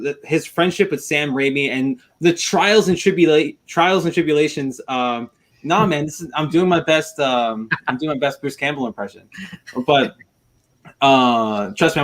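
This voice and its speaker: Casting: eager podcast panelist, man with a somewhat high voice who gushes and rambles. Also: normal speed. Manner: enthusiastic, rambling, repeats himself. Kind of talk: casual film discussion.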